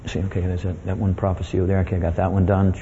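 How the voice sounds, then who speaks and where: A man voicing Jesus on the cross, quietly and calmly ticking off fulfilled prophecies in a low, hushed, matter-of-fact murmur. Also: quick pace, slight background noise, close to an everyday voice. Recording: dull lo-fi recording.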